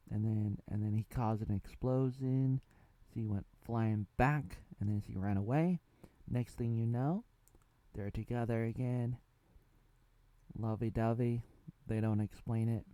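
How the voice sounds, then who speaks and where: An American man in his thirties reviews a TV show in a casual, rambling way, packed with fillers and asides. His voice is lowish and dark-toned, unhurried, and the recording is dry.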